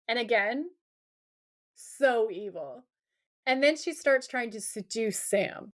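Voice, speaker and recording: Animated woman podcast co-host. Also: mid-range voice, measured pace. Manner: animated retelling, quoting characters' lines; gushing, swears casually. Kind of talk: casual chat recapping a TV episode.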